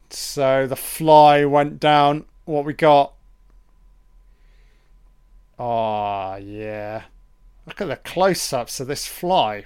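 Slow, crisp-voiced swearing film commentator man. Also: mid-range voice.

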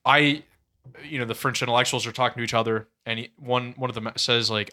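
A man's voice: mid-range voice, steady tone, fast, sharp tone. A man telling a story in a casual chat, rambling with lots of fillers. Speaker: guest.

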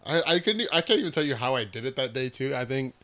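A man's voice: mid-range voice, big pitch swings, quick pace, bright, forceful tone. A young man co-hosting a casual podcast, telling a childhood story in a laid-back, slangy way. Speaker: podcast co-host. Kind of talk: casual chat.

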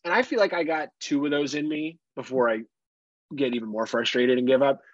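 A man's voice: medium pitch, a little fast, dry recording, lo-fi sound. A man in his thirties co-hosting a podcast in casual chat, profane and rambling, often laughing. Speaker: podcast co-host.

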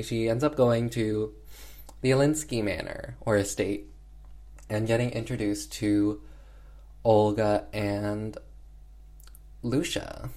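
A man's voice: lowish voice, darkish tone. A man casually retelling an old film's plot in a slangy, chatty way, full of "um" and "like", offhandedly voicing the characters. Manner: chatty, filler-heavy with frequent "um" and "like". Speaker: film reviewer. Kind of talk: casual film recap.

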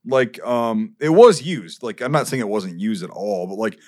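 A man's voice: lowish voice, lively intonation, moderate pace, darkish tone. A man on a casual podcast, explaining details at length with frequent ums and likes and restarts. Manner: detailed explaining, hesitant with many "um" and "like". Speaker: podcast co-host with military history knowledge.

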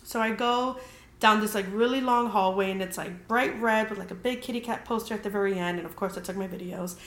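A woman's voice: medium pitch, steady tone, brisk. A young woman casually telling a story as a podcast host, chatty and full of "like", swearing freely. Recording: roomy echoey room.

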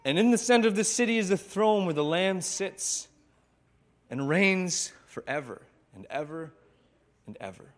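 Slow, reflective male pastor. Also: sits high, animated. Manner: slow, reflective, with dramatic pauses. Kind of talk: sermon storytelling.

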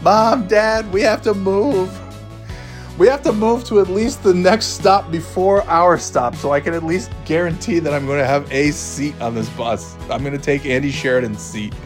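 A man's voice: fairly high pitch, normal speed, soft background music, pitched above the performer's own voice, lightly acted. A man voicing an anxious young schoolboy who pleads and whines in a raised, childish voice. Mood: whining. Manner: pleading, whiny.

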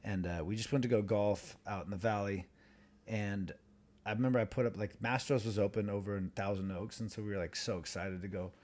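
Podcast co-host, man in his thirties, animated storyteller who swears a lot. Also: lowish voice, a little fast. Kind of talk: casual storytelling.

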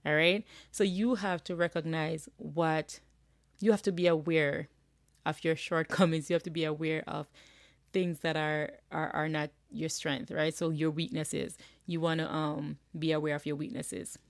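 A woman from rural Jamaica, speaking with a Jamaican accent, hosts a podcast in a low, gravelly voice at a steady tone and normal speed. The recording is dry and studio-clean. Her casual monologue is chatty and frank, full of tag questions.

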